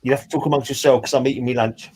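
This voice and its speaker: A relaxed British man hosts a casual video chat among comic fans. He talks in an easygoing, chatty way and laughs often. His voice sits at a middle pitch. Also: racing, slight background noise. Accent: British English. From United Kingdom. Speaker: stream host.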